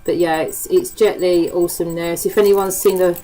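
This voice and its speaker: A woman's voice: fairly low pitch, fairly even intonation, a little fast, warm tone, low-quality recording. A woman from the East End of London with a Cockney accent, chatting casually to camera as a vlogger, swearing freely and filling her talk with ums. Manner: chatty and swears freely, with frequent laughs and fillers. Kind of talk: casual chat.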